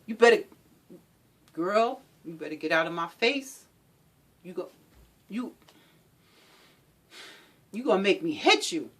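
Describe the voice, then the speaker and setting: A controlling abusive man, his voice pitched high and pushed loud, presses and repeats himself, sweet one moment and menacing the next, as a woman plays him. The voice jumps around a lot in pitch. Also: very animated, measured pace, long pauses, husky, full character voice. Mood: domineering. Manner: pleading then shouting, repetitive. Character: controlling abusive male partner, sweet-talking then menacing.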